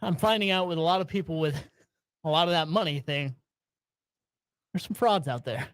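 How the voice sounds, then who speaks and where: A man's voice: fairly high pitch, moderate pace, a bit bright, no echo. A man with a Southern accent that has some northern traces, co-hosting a sports podcast in a laid-back, agreeable way. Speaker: podcast co-host. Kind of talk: casual sports podcast chat.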